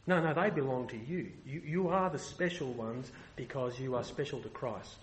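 A man's voice: medium pitch, lively intonation, fairly quick, few pauses, slight background noise, low-quality recording. A man preaching a sermon, earnest and emphatic, often restarting his phrases.

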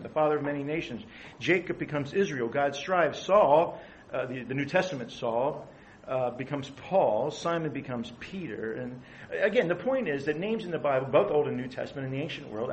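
A man's voice: on the high side, animated, a little fast, a little hiss or hum, low-quality recording. A middle-aged man preaching a conversational sermon, asking his listeners questions. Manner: conversational, asks the audience questions. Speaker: pastor.

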